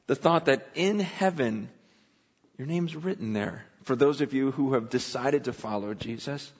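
A man preaching a sermon in a church, conversational and animated, often acting out voices from the text. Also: mid-range voice, a little slow, husky. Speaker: pastor. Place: church sanctuary. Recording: muffled hall recording with long reverb.

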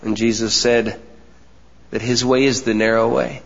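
A man preaching a sermon, with earnest emphasis, deliberate pauses and soft asides. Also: medium pitch, level tone. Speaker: pastor. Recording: dull sound with long hall reverb.

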